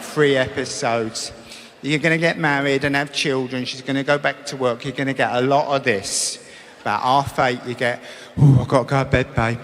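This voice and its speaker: A middle-aged man doing a cheeky, wry stand-up routine, now and then bursting into shouted impressions. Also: mid-range voice, slight background noise. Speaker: stand-up comedian. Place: large comedy venue with live audience. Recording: echoey hall with audience laughter.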